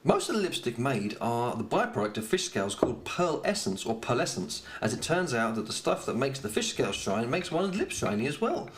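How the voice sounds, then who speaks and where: A man's voice: medium pitch, very animated, a little fast, few pauses. A man co-hosting a podcast, rambling in casual chat and swearing freely. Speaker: podcast co-host. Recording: echoey room with faint noise.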